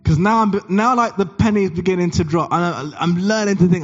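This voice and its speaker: A man preaching a sermon, telling a story and acting out the dialogue with big jumps in pitch. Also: brisk, hardly any pauses, highs cut off. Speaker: pastor.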